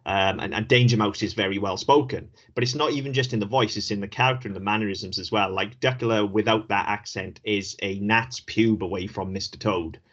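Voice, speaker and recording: A man co-hosting a podcast, with a somewhat low voice. He speaks with firm opinions and leans on repeated words for emphasis. The recording sounds dull and lo-fi. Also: a little fast, hardly any pauses, a bit bright. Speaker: podcast co-host. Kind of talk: casual podcast chat.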